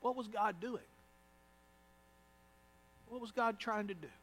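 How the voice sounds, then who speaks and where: A man's voice: high voice, takes it slowly, fairly bright tone, husky. A man preaching a sermon as pastor, emphatic and repeating phrases for effect. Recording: long hall reverb.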